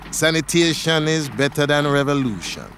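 Low, animated male narrator for a dramatic second-person story, music bed.

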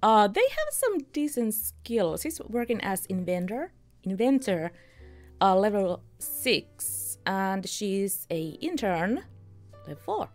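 A woman's voice: mid-range voice, big pitch swings, slow pace, darkish tone, soft background music. A woman streamer giving chatty, upbeat commentary while playing a game, chuckling often. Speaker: let's play streamer. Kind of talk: casual gameplay commentary.

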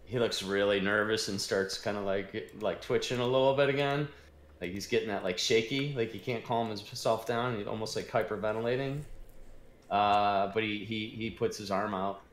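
A man's voice: lowish voice, normal speed, roomy sound. A man narrating as game master of a tabletop game, rambling with plenty of fillers.

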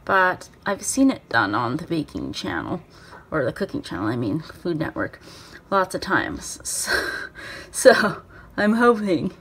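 A woman's voice: sits low, very animated, measured pace, a bit bright, husky. A young woman chatting casually and upbeat in a daily vlog, laughing often. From Canada. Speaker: vlogger.

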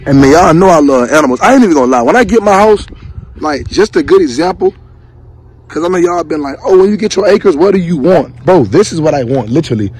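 A man's voice: on the high side, very animated, a little fast, a little mellow, husky, low-quality recording. A young man casually vlogging outdoors as a dog breeder, slangy and loose, talking straight to his viewers. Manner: loose, chatty, addresses viewers directly. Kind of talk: casual slangy talk to camera.

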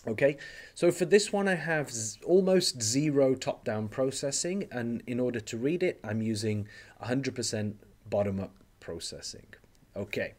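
A man lecturing over slides at an ordinary, mid-range pitch. He explains step by step and keeps checking in with the listener with a quick "okay?". He slows right down whenever he lands on a key term. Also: animated, darkish tone. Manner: speaks slowly on key terms. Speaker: language teacher trainer.

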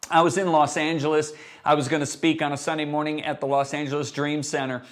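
A man's voice: on the high side, flat delivery, fast talker. A male preacher giving a sermon, telling a personal story and acting out the conversations in it.

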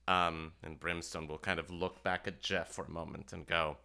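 A man's voice: sits low, little pitch movement, normal speed, gravelly, hardly any pauses, pushed and bright, smooth. A man narrating as game master of a tabletop game in an easygoing way.

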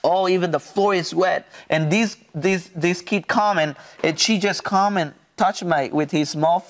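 A pastor from Mexico telling his testimony in halting, earnest English with a Mexican Spanish accent. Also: sits high. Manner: earnest, halting non-native English with repeated restarts. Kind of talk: personal testimony in an interview.

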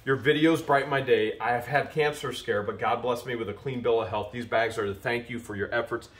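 A man vlogging as he opens gifts and counts them aloud, excitable and expressive, his voice jumping up when he is thrilled. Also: mid-range voice, fairly quick. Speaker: YouTube vlogger. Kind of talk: casual unboxing chat. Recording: noisy home video recording.

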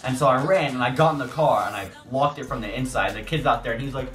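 A young man telling a casual storytime, animated and jokey, acting out voices. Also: mid-range voice, fast, few pauses. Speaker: YouTuber. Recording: echoey room, music behind.

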